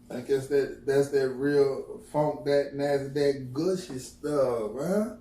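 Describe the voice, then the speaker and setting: The speaker is a middle-aged vlogger with a medium-pitched voice who talks slowly with few pauses, telling profane stories casually to his viewers and acting out what people said. He's recorded from a distance, off-mic in an echoey room.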